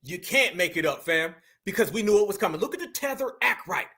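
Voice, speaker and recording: A man with a very high, bright voice delivers mocking reaction commentary on a clip. He talks emphatically, and at times he rises to a shout. His tone is sharp and ringing. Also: animated, brisk, breathy edge.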